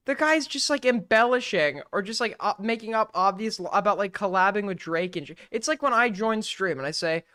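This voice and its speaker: A man's voice: high-pitched, animated, brisk, hardly any pauses, pushed and bright, smooth. A man streaming and reacting to a video with rambling, profane and mocking commentary.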